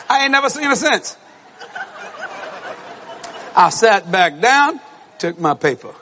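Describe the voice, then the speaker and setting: A male preacher delivering an animated storytelling sermon to a congregation, acting out voices and breaking into shouts and laughter. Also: sits high, takes it slowly, pauses often, a faint crowd, slight background noise. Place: church service with congregation.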